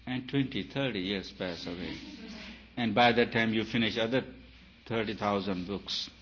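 A spiritual teacher, a man, speaks emphatically and poses rhetorical questions. His voice swings between loud and soft. The recording is dull and lo-fi, with a faint hiss under it. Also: lowish voice, normal speed. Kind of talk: spiritual talk.

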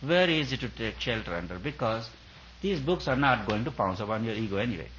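A man's voice: mid-range voice, animated, fast, a bit bright, a little hiss or hum. A man preaching a sermon to a retreat audience as a spiritual teacher, speaking in emphatic, repetitive phrases. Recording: dull lo-fi recording.

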